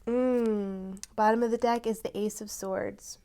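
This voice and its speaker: Higher-voiced woman giving a tarot reading. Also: measured pace, clean tone. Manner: encouraging, softly emphatic, breaks into excited exclamations. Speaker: tarot reader.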